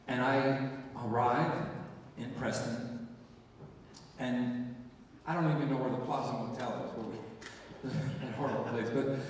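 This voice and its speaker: An older man tells a story on a theater stage and jumps into the voices of the people he quotes. His voice sits in a middle pitch and comes from some way off the mic. A long, roomy hall echo hangs on every line. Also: a little hiss or hum. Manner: animated storyteller, acts out quoted lines. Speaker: actor telling a story on stage. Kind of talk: live stage anecdote. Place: large theater stage with audience. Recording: distant, echoey hall sound.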